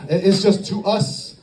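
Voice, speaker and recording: A man from the American South doing a stand-up comedy set at an open mic, animated and acting out voices, laughing at his own jokes. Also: high voice, slight background noise, rough recording.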